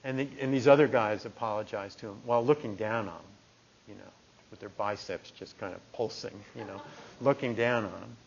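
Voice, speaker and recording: A middle-aged man from New Jersey giving a meditation talk, telling a personal story in a lively conversational way. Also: lowish voice, moderate pace, vocal fry, a little hiss or hum. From New Jersey, USA. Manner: conversational, animated storytelling with restarts. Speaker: meditation teacher. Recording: dull lo-fi talk recording.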